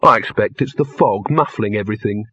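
A man voicing a nervous young man who tries to sound calm. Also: lowish voice, fairly quick, breathy edge, no echo. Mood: uneasy. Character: jittery young man in fog. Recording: dull lo-fi.

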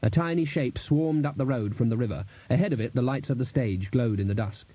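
Guy reading an audiobook, husky and mellow, steady storytelling, dry close mic. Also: medium pitch, fairly quick, no room sound. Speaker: audiobook narrator. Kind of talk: audiobook reading with character voices.

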